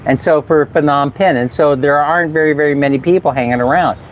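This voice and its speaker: A man's voice: a little high, brisk, a little hiss or hum. A man talking casually in a travel vlog, chatty and laughing often as he tells stories. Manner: chatty, laughs often, mimics people for fun. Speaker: travel vlogger. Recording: slightly dull outdoor recording.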